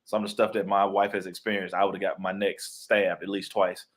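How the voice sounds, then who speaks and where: A young adult man, a guest author and actor, speaks a little fast in a low, flat voice during a casual interview. He tells playful stories and acts out the voices of the people in them.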